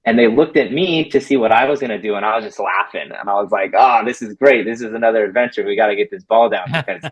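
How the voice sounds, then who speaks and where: Here the dog trainer talks quickly in a fairly low, slightly rough voice, with the top end of the audio missing. Telling his story in a casual interview, he gets animated and acts out quotes, peppering them with "like."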